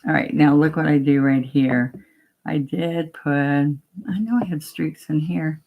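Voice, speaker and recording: A woman's voice: low voice, fairly even intonation, a little slow, narrow, tinny audio. A woman teaching a painting demo, chatting casually step by step and talking to herself as she works. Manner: chatty, talks to herself while working, gently coaxing. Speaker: painting instructor.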